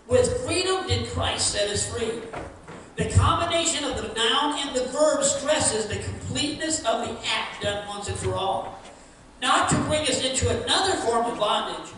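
A man's voice: very high-pitched, pushed and bright. A male pastor preaching a sermon earnestly, with repeated phrases and rising emphasis. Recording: echoey hall from far off, faint noise.

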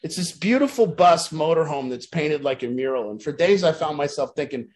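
A man's voice: on the high side, lively intonation, fairly quick, a little mellow. Blunt, profane man giving a recovery talk. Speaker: recovery program leader. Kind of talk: motivational talk.

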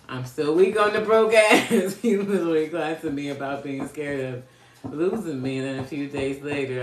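In a roomy-sounding space, a woman with a low voice gives a casual live card reading at normal speed. As a spiritual reader she's blunt and profane, laughing frequently and chatting with her viewers.

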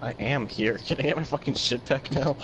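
A man's voice: mid-range voice, fairly quick, a bit bright, slight background noise. A man in casual gaming chat, grumpy, swearing and exasperated.

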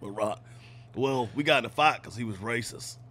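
Guy guest on a podcast, loose storytelling, laughs a lot, bright edgy tone. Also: mid-range voice, normal speed, slight background noise. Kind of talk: casual chat.

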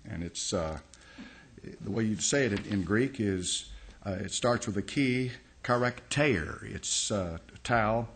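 Folksy pastor teaching a sermon. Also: male voice, fairly low pitch, unhurried, a bit bright, a little hiss or hum. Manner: folksy, explains step by step, many restarts and uh.

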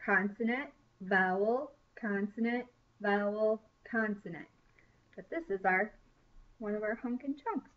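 A woman teaching first grade in a recorded lesson, speaking in an encouraging way. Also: mid-range voice. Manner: slow, encouraging teacher talk. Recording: dull sound from a distance.

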